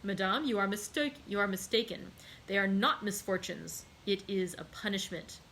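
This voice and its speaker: A woman reading aloud and voicing a vengeful aristocratic count who speaks with calm, measured iciness. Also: mid-range voice, a little hiss or hum, lightly acted, low-quality recording. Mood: cold.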